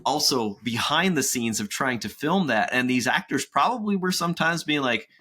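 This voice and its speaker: Man, 30s, podcast co-host, casual animated storyteller, bright forceful tone. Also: medium pitch, moderate pace, slight background noise. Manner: animated storytelling with acted-out quotes. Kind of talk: casual chat.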